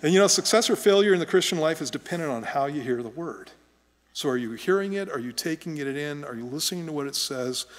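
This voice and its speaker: A man's voice: a little high, animated, fast. Middle-aged pastor guy giving a sermon, chatty and jokey, stumbles and restarts a lot, long echo from the church hall. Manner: conversational, joking, with frequent restarts. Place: church sanctuary.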